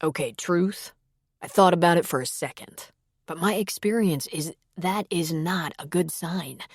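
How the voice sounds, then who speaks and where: Female narrator voicing a wry, joking veteran guy for an audiobook, low and dry. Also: measured pace, husky, no room sound. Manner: teasing, wry. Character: easygoing grinning male veteran.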